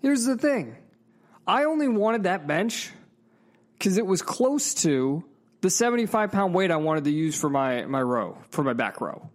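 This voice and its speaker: A man's voice: high-pitched, sing-song, unhurried. A man in a casual, profane storytelling rant, emphatic and heated, with frequent asides to the viewer. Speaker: vlogger.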